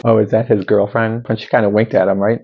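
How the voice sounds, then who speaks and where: A man's voice: fairly low pitch, little pitch movement, quick pace, creaky, muffled recording, over music. A man hosting a movie reaction video, chatting in an upbeat way and wondering aloud about what he sees. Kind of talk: casual reaction commentary.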